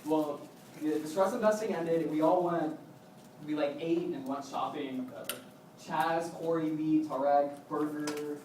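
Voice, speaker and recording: A young man tells a story in a casual, rambling way, jumping into quoted voices as he goes. His voice sits a little high. He sounds far from the mic in a very echoey room with faint background noise. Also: fairly even intonation, unhurried, a little mellow. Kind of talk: casual spoken anecdote.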